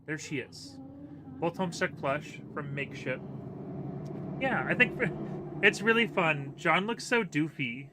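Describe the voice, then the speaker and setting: A man's voice: a little high, animated, a little slow, pauses often, background noise. A man streaming a video game, chatting casually with viewers and reading the game's text aloud. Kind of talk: casual let's-play commentary. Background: game music.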